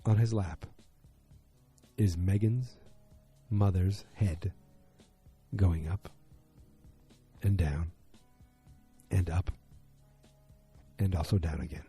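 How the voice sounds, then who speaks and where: A man's voice: low-pitched, fairly even intonation, slow, pauses often, mellow, slightly rough, faint music behind. A man hosting a podcast from his home basement, recapping an episode casually with lots of fillers and restarts. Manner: rambling, many fillers and restarts. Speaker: podcast host.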